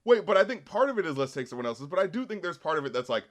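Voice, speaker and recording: A man chatting casually as co-host of a film review, animated and quick to laugh, acting out lines from the film. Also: on the high side.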